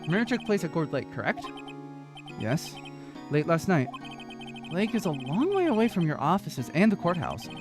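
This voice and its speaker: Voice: medium pitch, sing-song, moderate pace, long pauses, music in the background, natural voice. A streamer voicing a proud, jailed male prosecutor in a game, curt and disdainful. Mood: guarded. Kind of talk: voice acting while playing a game.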